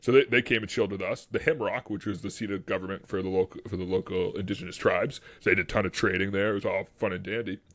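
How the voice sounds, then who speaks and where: A man with a thick Boston accent talks in a low, easy voice on a history podcast. He is animated and chatty, laughing often, and his voice is close and dry with no room sound. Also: fast, hardly any pauses, no room sound. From Massachusetts. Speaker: podcast co-host. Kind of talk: casual chat.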